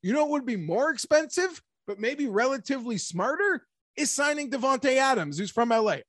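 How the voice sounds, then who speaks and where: A man hosting a casual sports talk show, animated and rambling, talking like an emphatic fan. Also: extremely high pitch, a little fast, no room sound, clean studio sound. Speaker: sports podcast host.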